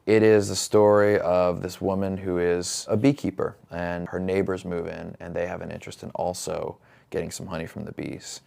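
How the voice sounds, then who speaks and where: A man's voice: sits low, creaky, darkish tone. A man in his forties, an actor and filmmaker, talking casually and enthusiastically as an interview guest. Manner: enthusiastic, conversational recommendations.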